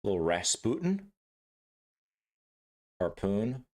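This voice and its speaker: A man's voice: on the low side, big pitch swings, takes it slowly, a little mellow. A man casually chatting with viewers during a gameplay livestream, swearing freely, laughing and greeting chat by name.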